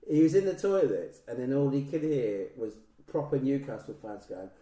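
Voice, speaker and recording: A man's voice: medium pitch, sing-song, normal speed, warm tone. A man in his thirties telling stories in a casual podcast chat, with many fillers and restarts. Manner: hesitant, filler-heavy storytelling. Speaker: podcast host. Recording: roomy echo, distant mic.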